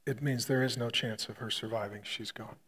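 A male pastor preaching, retelling a hospital story with loud punchy bursts that drop to a quiet hush. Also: mid-range voice, steady tone, fairly quick, breathy edge. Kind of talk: sermon storytelling.

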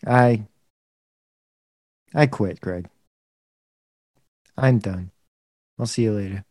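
A fed-up sidekick, played by a man pleads in a slow, deliberate way. The sound is dry and close, with no room echo. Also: fairly low pitch, a little mellow. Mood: upset. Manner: upset, pleading.

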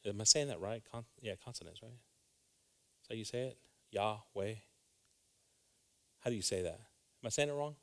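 A man preaching an informal sermon, talking conversationally and checking in with the congregation, then building to loud, fervent exhortation. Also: fairly low pitch, lively intonation, brisk, long pauses. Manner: conversational, often asks the congregation "right?".

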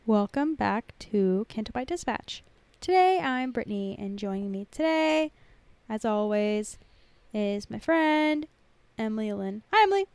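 A woman hosting a podcast in casual chat, bubbly and chatty, quick to laugh. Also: fairly high pitch, animated, darkish tone, clear, resonant tone, no echo, faint music behind. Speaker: podcast host.

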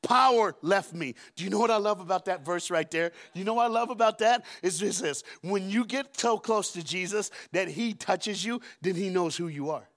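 A man's voice: sits high, brisk, few pauses. A man preaching a sermon in a church, storytelling with humor and acting out voices from the Bible. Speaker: guest preacher. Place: church auditorium.

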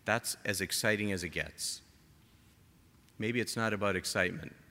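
Impassioned preacher in a reverberant hall. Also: male voice, lowish voice, normal speed. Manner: impassioned, rising to emphatic peaks then dropping soft. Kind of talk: sermon.

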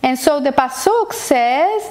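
A woman's voice: sits high, lively intonation, takes it slowly, a little mellow. A woman teaching a Torah portion as a story, retelling it earnestly with frequent restarts and Hebrew terms mixed in.

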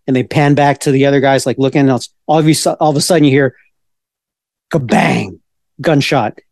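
A man in his forties co-hosting a casual pop-culture podcast, telling stories in an excitable, rambling way with many restarts. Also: mid-range voice, fast, no echo, clean studio sound. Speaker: podcast co-host.

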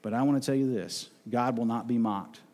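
A man preaching a sermon as pastor, emphatic, swinging between loud outbursts and soft, low passages. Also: a little fast. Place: church sanctuary. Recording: long reverb of a large hall.

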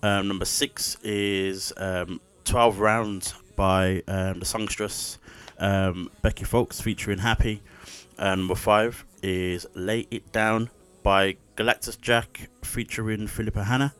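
A man co-hosts a radio show and reads a top ten chart aloud. He takes his time and pauses with "um" between entries. His voice is low-pitched and smooth. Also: fairly even intonation, a bit bright. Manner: unhurried, pausing with "um". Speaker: co-host reading the chart. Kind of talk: casual chat, reading out a chart.

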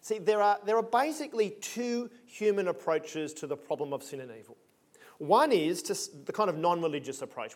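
Man, preaching, conversational and emphatic, fairly high voice. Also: expressive, fairly quick, darkish tone. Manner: conversational, emphatic, punchy asides. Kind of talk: sermon.

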